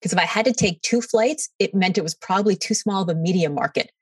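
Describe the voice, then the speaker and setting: A middle-aged woman, a podcast guest, answering in an animated way and acting out what others said to her. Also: mid-range voice, fast, husky, no room sound, far from the mic. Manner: animated, quotes others in dialogue. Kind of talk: storytelling interview answers.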